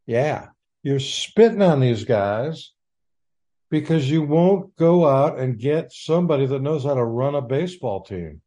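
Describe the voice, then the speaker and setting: A man rants as a sports commentator, sarcastic and exasperated, wandering from point to point. His voice sits in a middle pitch with a dark, mellow tone. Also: lively intonation, a little slow. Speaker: podcast host.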